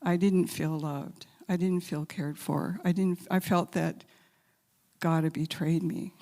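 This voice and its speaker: A woman giving a spiritual talk as guest speaker, telling stories gently and sometimes dropping to a soft whisper, then leading a guided meditation. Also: fairly low pitch, fairly even intonation, takes it slowly. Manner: gentle, intimate storytelling, drops to soft whispers. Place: large sanctuary. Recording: long hall reverb.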